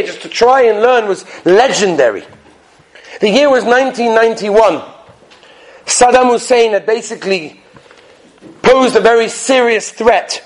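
A man delivers an animated storytelling sermon in a fairly high voice. He swings from emphatic near-shouts down to quiet, hushed lines. Yiddish and Hebrew terms run all through his talk. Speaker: rabbi giving a Torah talk.

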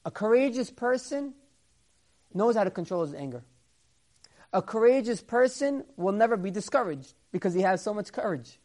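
A man leading a Torah class as a lively storyteller. He gets loud and high when he plays the people in his stories, then sinks to a soft, low voice to explain. He slows right down to lean on the words that matter. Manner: acts out quoted characters, rising louder and higher for them; drops to a quiet, low aside when explaining. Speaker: Torah teacher.

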